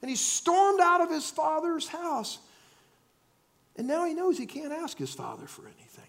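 A man preaching a sermon, swinging between loud acted-out outbursts and quiet, earnest asides. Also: very high-pitched, wildly swooping pitch, moderate pace, creaky. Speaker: pastor.

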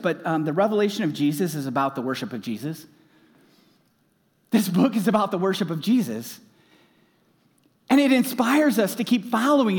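A man preaching a sermon as a pastor, animated and swinging up into loud, emphatic exclamations. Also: high-pitched, long reverb tail.

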